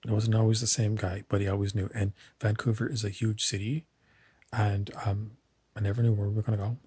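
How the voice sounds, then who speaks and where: Husky low-voiced man rambling. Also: little pitch movement, fairly quick, a little mellow, no room sound. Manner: meandering, digressive storytelling. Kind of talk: rambling monologue to camera.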